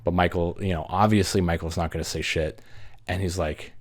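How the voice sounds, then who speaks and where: Male host with a low voice, giving a loose, jokey movie recap with swearing and put-on character voices. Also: steady tone. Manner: laughing, swearing, acts out characters in quick voices.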